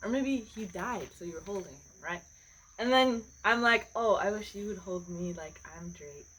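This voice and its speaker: A woman's voice: medium pitch, moderate pace, fairly bright tone, husky, low-quality recording. A woman telling a story in casual chat, rambling, with lots of "like" and "bro", laughing often. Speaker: podcast co-host.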